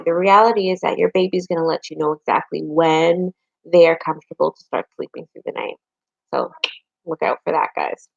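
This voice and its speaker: A woman's voice: lowish voice, vocal fry, dry recording, lo-fi sound. A young adult woman and parent giving frank, chatty advice straight to her viewers. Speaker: vlogger and parent. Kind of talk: casual chat to camera.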